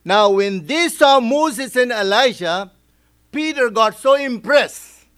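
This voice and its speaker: A man's voice: extremely high pitch, lively intonation, slow pace, fairly bright tone. A man preaching as a pastor, explaining Bible verses step by step and asking rhetorical questions. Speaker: pastor teaching a Bible study. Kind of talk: sermon.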